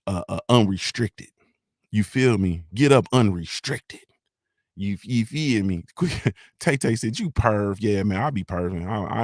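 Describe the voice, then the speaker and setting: A man's voice: lowish voice, no room sound, clean studio sound. A middle-aged man from Ohio, by way of Mississippi, hosting a casual live-stream morning show, rambling loosely, repeating "you feel me," and swearing freely.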